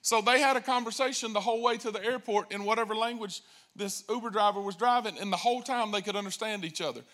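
A man preaching a sermon as pastor, telling jokes and stories in a lively way and acting out quoted voices. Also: high-pitched. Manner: animated, joking storytelling with acted-out voices.

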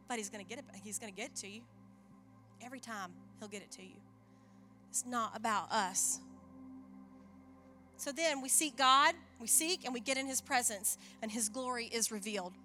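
A woman preaching a sermon in an animated way, acting out the voices she quotes. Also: fairly high pitch, moderate pace, long pauses, soft background music. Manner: animated, acts out quoted voices, chuckles at herself.

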